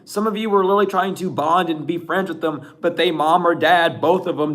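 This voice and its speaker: A man giving a casual tarot reading, teasing and laughing often, blunt and profane, with a throat that sounds a bit rough. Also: fairly high pitch, fairly bright tone. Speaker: tarot reader.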